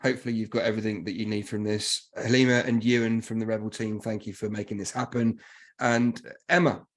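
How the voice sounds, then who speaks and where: A man's voice: on the low side, little pitch movement, brisk. A man hosting an online workshop over a video call, talking in chatty, rambling recaps and thanks. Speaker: workshop host.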